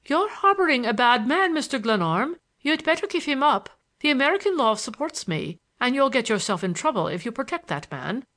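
A woman reading aloud puts on a spiteful, excitable detective who speaks in a shrill, high key. His voice sits well above her own as he scolds in this storybook tale. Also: fairly quick, few pauses. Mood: indignant.

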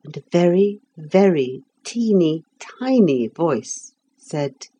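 Slow, husky woman reading a storybook. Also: low voice, lo-fi sound. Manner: gentle, expressive reading. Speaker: narrator. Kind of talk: storybook narration.

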